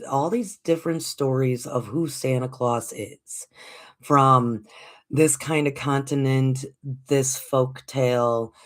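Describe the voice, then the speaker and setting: A woman in her forties tells a story in a relaxed, easygoing way. She talks slowly and acts out the voices of the people in her story. She laughs often as she goes. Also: a bass voice. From United States. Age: 40s. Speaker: livestream host. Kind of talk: casual storytelling.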